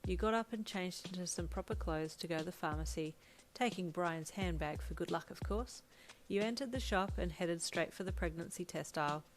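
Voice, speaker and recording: A woman narrating a fan story in the second person, with gentle, even storytelling. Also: fairly low pitch, normal speed, a little hiss or hum. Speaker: fanfiction narrator. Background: lo-fi drum loop.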